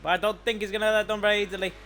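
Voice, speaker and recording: A man commentating live on an online racing league, excitable, his voice climbing whenever an overtake happens. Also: sits high, rapid-fire, a little hiss or hum.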